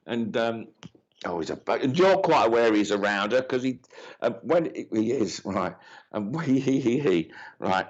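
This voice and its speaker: A man talks through a mediumship reading in a chatty, cheeky, blokey way, full of restarts and asides. His pitch swings freely up and down. The audio is dull and lo-fi.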